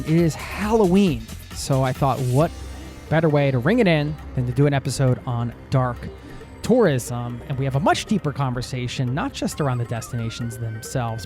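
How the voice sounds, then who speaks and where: A man's voice: mid-range voice, moderate pace, a little mellow, soft background music. A man from the United States hosting a podcast, upbeat and friendly, greeting listeners as "my friend". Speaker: podcast host. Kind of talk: podcast intro and interview.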